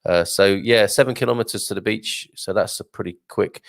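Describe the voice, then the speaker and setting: Male host, gravelly voice, dry close sound, rambling chatty, laughs easily. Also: lowish voice, fairly quick, no echo. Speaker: live show host reading viewer comments. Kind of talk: casual live-stream chat.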